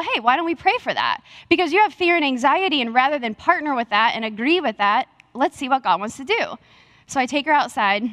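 A young woman preaching, telling a faith story with earnest, animated energy and acting out her own quotes. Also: a little high, no room sound, clean studio sound. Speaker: speaker sharing testimony. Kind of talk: sermon-style storytelling.

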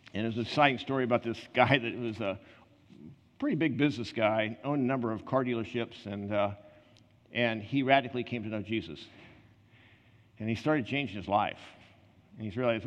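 Earnest preacher in an echoing hall. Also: male voice, mid-range voice. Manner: earnest, storytelling, quick asides and restarts. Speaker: pastor. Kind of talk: conversational sermon with personal stories. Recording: reverberant hall, slightly muffled.

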